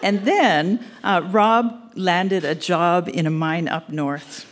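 A woman's voice: on the low side, slow pace, slight background noise. A woman in her sixties reading her old love letters aloud on stage, fond and teasing. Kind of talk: reading aloud to a live audience. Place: live event stage.

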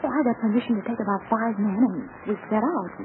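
A woman's voice: medium pitch, quick pace, lightly acted. An actress playing Burma, a brash, wisecracking young woman held prisoner, in 1940s radio acting. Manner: sassy, wisecracking. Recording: tinny old radio broadcast with loud hiss.

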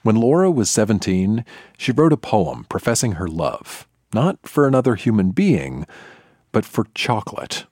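A male host with a husky, slightly low voice makes wry stage introductions, his pitch rising and falling lively. The sound is dry and close to the microphone. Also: normal speed, no room sound. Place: live stage with an audience.

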